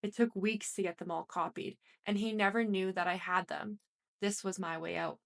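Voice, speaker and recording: A woman narrating an audiobook reads a first-person story aloud in a plain, steady way, giving quoted lines only a light voicing. Her voice is middle-pitched and creaky, at a normal speed.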